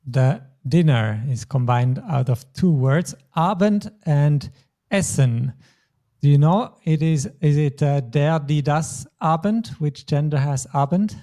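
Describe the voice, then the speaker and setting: Patient male German teacher, mellow voice. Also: on the high side, slow. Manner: patient, explains step by step. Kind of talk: language lesson.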